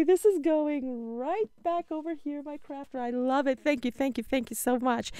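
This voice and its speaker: A woman's voice: sits high, normal speed, hardly any pauses, dark tone. A woman unboxing a craft swap on camera, gushing and giddy, exclaiming and laughing often. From United States. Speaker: paper crafting vlogger. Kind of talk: casual unboxing chat to camera.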